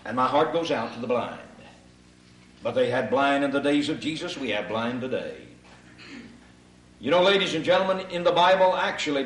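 A man preaching a sermon in a church hall. He addresses the congregation as ladies and gentlemen and swells into shouted emphasis on key points. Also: on the high side. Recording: echoey hall, far from mic.

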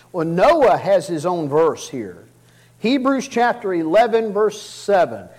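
A man's voice: high voice, poor audio. A middle-aged man preaching a sermon, asking rhetorical questions and reading scripture aloud.

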